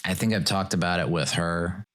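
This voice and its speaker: A man's voice: low voice, normal speed, fairly bright tone. A man hosting a casual solo podcast, rambling and joking, often chuckling as he talks. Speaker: podcast host.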